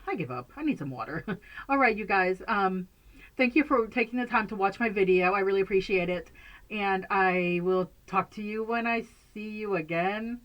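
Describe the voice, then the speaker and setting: A woman's voice: mid-range voice, moderate pace, dull audio. A woman vlogger chatting casually to her camera in a messy room at home, rambling with many fillers, restarts and frequent laughs.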